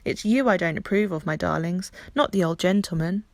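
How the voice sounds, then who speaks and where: A woman's voice: fairly low pitch, a little fast, vocal fry, no echo. A woman reading as a firm, loving storybook mother. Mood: earnest, firm. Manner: firm and earnest, then softening. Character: loving but stern mother scolding her children.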